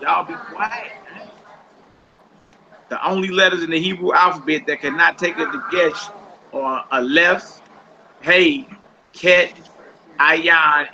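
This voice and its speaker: A man teaching a Hebrew lesson, reading from a primer and breaking off into casual, plain-spoken explanations while patiently coaching pronunciation. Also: a little high. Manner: casual, plain-spoken asides between read passages. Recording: dull lo-fi audio with steady background noise.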